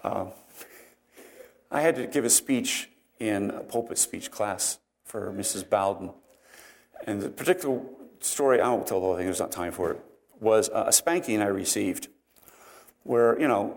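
A man's voice: lowish voice, moderate pace. Earnest man preaching a sermon. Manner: earnest, explanatory, frequent fillers. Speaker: pastor.

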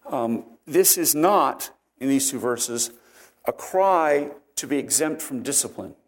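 A man's voice: medium pitch, animated, takes it slowly. Earnest man preaching a sermon. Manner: earnest, explanatory, frequent fillers. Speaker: pastor.

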